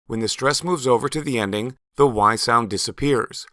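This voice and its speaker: A man narrating a scripted language lesson, slow and careful, stressing syllables clearly as he models words. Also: mid-range voice, sharp tone, no echo, clean studio sound. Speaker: Spanish teacher.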